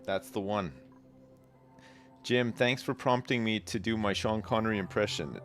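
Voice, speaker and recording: A man's voice: lowish voice, measured pace, fairly bright tone, faint music behind. A man hosting a livestream, casually commenting on his gameplay, rambling and self-deprecating, and reading game text aloud. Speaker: livestream host.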